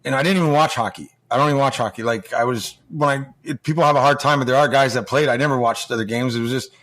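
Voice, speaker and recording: A man in his forties tells loose stories as a podcast guest at a middle pitch, rambling and restarting as he goes. He swears freely and acts out the other voices in his stories. His delivery is casual and conversational. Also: fast talker, a bit bright. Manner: rambling, profane, acts out quoted dialogue. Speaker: podcast guest, former pro hockey player now junior coach. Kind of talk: casual storytelling chat.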